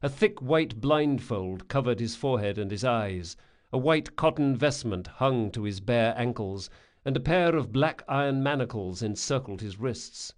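A man reading a fantasy audiobook in a measured, descriptive storytelling manner. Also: medium pitch. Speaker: narrator. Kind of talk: scripted audiobook narration.

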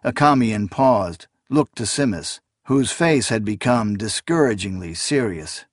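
A man reading an audiobook in steady, unhurried scripted narration. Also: fairly low pitch, dry recording, clean studio sound.

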